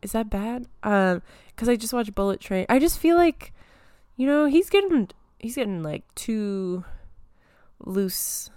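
A woman's voice: fairly high pitch, big pitch swings, a little slow, a little mellow, clear, resonant tone, dry recording, clean studio sound. A young woman hosting a casual pop-culture podcast, rambling with lots of fillers and giggles, a little phlegm in her throat. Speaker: podcast host.

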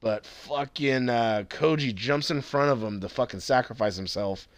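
In a relaxed chat with his co-host, a young man with a medium-pitched voice goes over an anime episode at normal speed. He swears heavily, gets worked up, and plays out scenes using character voices, recorded without echo.

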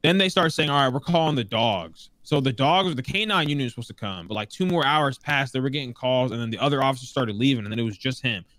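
A man tells a story in a relaxed, casual way. He livens it up by acting out the other people's voices. The sound is dry and close. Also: mid-range voice, fast talker, hardly any pauses, dry recording. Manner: animated, acts out voices in quotes.

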